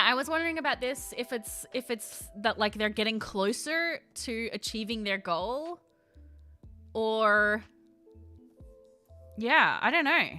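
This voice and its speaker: A woman chats casually on a livestream, her bright, energetic voice rising and falling a lot. She thinks out loud and often sounds unsure, with quiet music playing in the background. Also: medium pitch. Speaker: livestream host.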